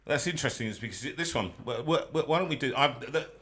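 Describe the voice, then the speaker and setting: A man's voice: mid-range voice, lively intonation, fast talker, fairly bright tone. A man hosting a live music stream, chatting casually with a guest and explaining things for viewers. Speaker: host.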